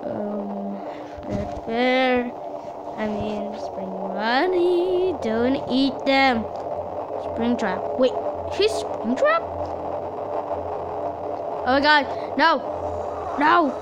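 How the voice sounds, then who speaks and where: A woman giving excitable reaction commentary full of gasping exclamations while watching a video. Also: a little high, very noisy. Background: loud music from the watched video.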